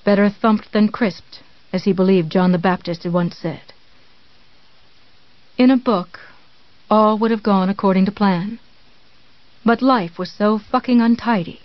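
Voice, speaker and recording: A woman narrating a thriller novel in a measured, tense storytelling manner with dramatic pauses. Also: mid-range voice, dry recording. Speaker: audiobook narrator. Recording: dull, dry studio read.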